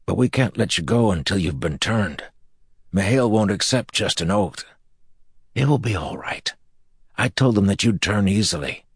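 A man's voice: fairly low pitch, animated, normal speed, breathy edge, dry recording, clean studio sound, pitched above the performer's own voice, exaggerated voice. A man voicing a frightened young man who has been turned to the shadow, talking in an anxious, pleading way in an audiobook. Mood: anxious eager. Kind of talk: audiobook character voice.

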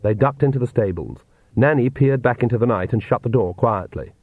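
A man reading a novel aloud in measured scripted narration. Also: mid-range voice, slightly rough, no room sound. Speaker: audiobook narrator. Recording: tinny phone-like dry sound.

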